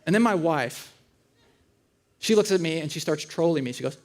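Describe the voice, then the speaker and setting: This is a sermon with storytelling in a church auditorium, where a pastor in his thirties shares comic family stories and imitates the people in them. He speaks at a normal speed in a slightly high, expressive voice.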